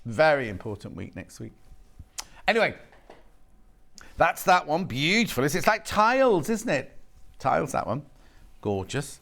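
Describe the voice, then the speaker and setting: Fairly high and sing-song, his creaky, slightly bright voice moves unhurriedly and pauses often. He's presenting live TV sales in a studio, chatting up the fabrics and joking with the off-camera crew.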